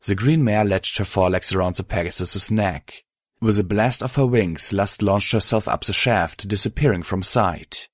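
A man with a fairly low voice narrates in a steady, even storytelling manner. The recording is close and dry, with no room around it. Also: normal speed, no room sound. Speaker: audiobook narrator. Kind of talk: scripted narration.

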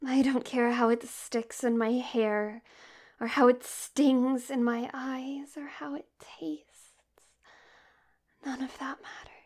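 An eager female robot switched to a seductive mode breathes and whispers her pleas, as a woman puts her on. The voice is high and slow, drifting between soft voiced words and airy whispers. A whispered role-play for adult audio. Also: fairly even intonation.

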